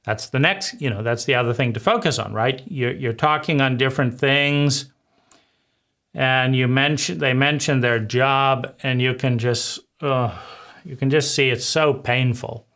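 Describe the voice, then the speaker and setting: A man teaching conversation skills in a deliberate way, often repeating himself and checking in with "right?". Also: mid-range voice, a bit bright. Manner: slow, deliberate, repeats phrases and asks "right?". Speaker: life coach.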